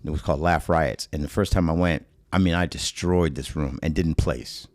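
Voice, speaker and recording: A man's voice: very deep voice, moderate pace, no echo, studio quality. A middle-aged man from Chicago, a stand-up comedian, telling a story casually on a podcast, swearing freely and acting out what others said. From Chicago, USA. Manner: animated storyteller, acts out quotes, swears freely.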